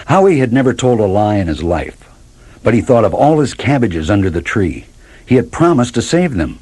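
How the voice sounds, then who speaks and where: A man reads a children's story aloud in a lowish, husky voice. His delivery is lively, and his pitch moves widely from line to line. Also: normal speed. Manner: lively expressive reading. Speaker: narrator.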